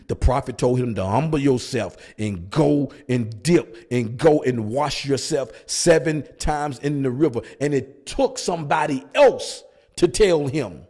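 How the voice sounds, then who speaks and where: A man's voice: medium pitch, expressive, measured pace, a little mellow. A male pastor preaching at a Bible study, hammering points with repeated rhetorical questions. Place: church.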